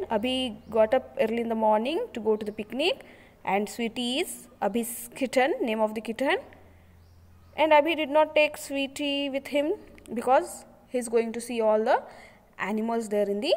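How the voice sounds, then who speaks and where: A woman teacher, giving a lesson to young children. She explains slowly, repeats herself and keeps asking the children questions. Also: on the high side, darkish tone. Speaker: schoolteacher. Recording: long hall reverb.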